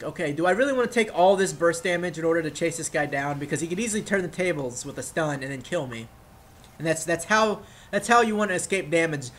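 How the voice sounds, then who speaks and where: A man giving casual, rambling commentary over his own gameplay footage, drifting into excitable tangents and swearing freely. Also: on the high side.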